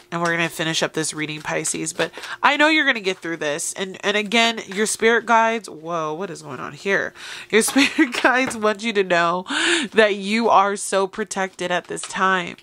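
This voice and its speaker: A tarot reader with a medium-pitched, fairly bright voice gives an encouraging reading aimed at her viewers. She speaks straight to her listeners.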